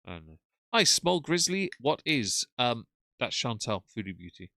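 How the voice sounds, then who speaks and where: A man's voice: medium pitch, very animated, moderate pace, pushed and bright, no echo, clean studio sound. A man hosting a casual live stream, chatting and thanking viewers for their messages. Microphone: desk mic with headphones.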